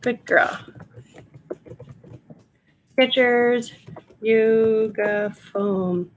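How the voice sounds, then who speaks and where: A woman's voice: a little high, fairly even intonation, very slow, slight background noise. Chatty woman streaming from Long Island. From Long Island, New York. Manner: chatty, laughs often, talks to viewers, reads out item details. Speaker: reseller livestream host. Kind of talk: casual livestream chat while processing inventory.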